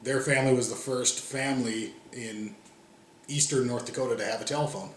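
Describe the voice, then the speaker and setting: A laid-back man from the United States answers questions casually, trailing off at the ends of his thoughts. He speaks at a middle pitch. His voice echoes a little around the room. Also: steady tone, a little fast, a little hiss or hum. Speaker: interview guest. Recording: roomy echo.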